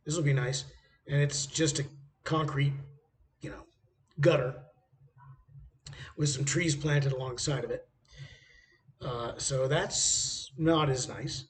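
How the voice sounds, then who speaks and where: A man's voice: mid-range voice, steady tone, takes it slowly, pauses often, slight background noise. A man vlogging casually from a hotel room by a busy street, rambling through travel anecdotes with frequent hesitations.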